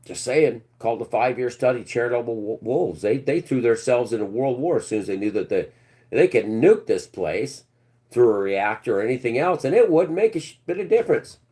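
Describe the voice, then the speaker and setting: A man hosting a live stream, in a mid-range voice that jumps between high and low. He rambles in a crude, sarcastic rant, circling back and restarting his thoughts. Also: animated, a little fast, mellow. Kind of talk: ranting live-stream talk.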